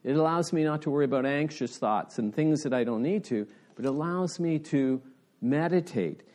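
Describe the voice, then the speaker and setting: A man's voice: medium pitch, a little mellow. A middle-aged man preaching a sermon in an earnest, conversational way with rising emphasis. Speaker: pastor.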